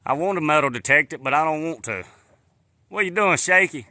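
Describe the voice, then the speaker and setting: A man is live-streaming from the woods on a phone he holds in his hand, rambling in a folksy way and responding to viewer comments. His voice is fairly high, animated, a little fast, pushed and bright, and there's no room sound.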